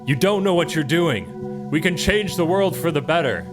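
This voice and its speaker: A man voicing an ambitious male elder who craves power, speaking forcefully. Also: on the low side, a little slow, music in the background, natural voice. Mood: fervent. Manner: forceful, emphatic.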